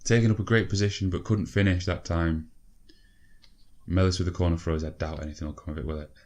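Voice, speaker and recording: A young man commentating on his own football management game, excitable, swearing and urging his players on. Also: low-pitched, brisk, lo-fi sound. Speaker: gaming video creator.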